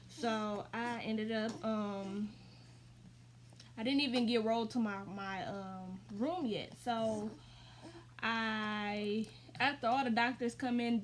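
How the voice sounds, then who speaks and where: A woman's voice: medium pitch, slight background noise. A woman in her twenties telling a personal story in a casual, rambling way, full of fillers and calling her viewers y'all. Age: 20s. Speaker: vlogger.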